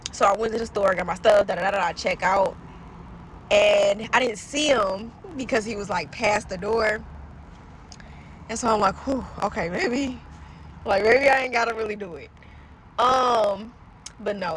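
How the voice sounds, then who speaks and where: A woman shares a heartfelt personal story straight to her viewers in a loose, rambling way. She often trails off mid-thought and keeps calling out to her audience directly. Her voice sits in an ordinary middle pitch, and faint vehicle noise hums in the background. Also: fairly bright tone. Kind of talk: casual spoken testimony to followers.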